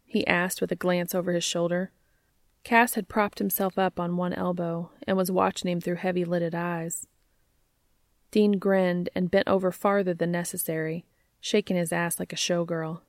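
A woman reading romantic fiction aloud in a steady, measured way. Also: lowish voice, dry recording, clean studio sound. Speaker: narrator.

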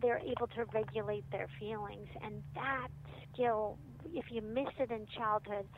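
Here the same woman, a parenting author, speaks at a medium pitch and a little slowly. In a casual interview she animatedly plays out quoted lines from parents and children, heard through phone-line audio carrying faint noise.

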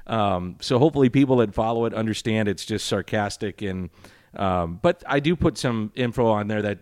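A man's voice: on the low side, fairly quick, a little mellow, smooth, dry recording. A middle-aged man, a sports broadcaster answering interview questions in a dry, sarcastic, rambling way.

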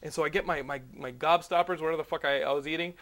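A man's voice: fairly high pitch, steady tone, very fast, a crowd in the background. A young man hosting a podcast, telling a long story in a rambling, profane way and acting out the dialogue. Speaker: podcast host. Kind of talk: casual podcast chat.

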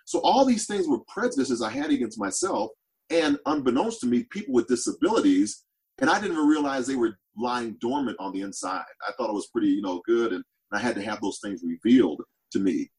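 A man's voice: mid-range voice, lively intonation, a little fast, a little mellow, low-quality recording. A man speaking as a podcast guest, earnest and reflective, often repeating words as he thinks aloud. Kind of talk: reflective interview talk.

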